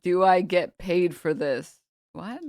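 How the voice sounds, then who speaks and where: A woman live streamer ranting casually, sarcastic and profane, often breaking into high laughter. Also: fairly even intonation, slow, a little mellow, dry recording, clean studio sound.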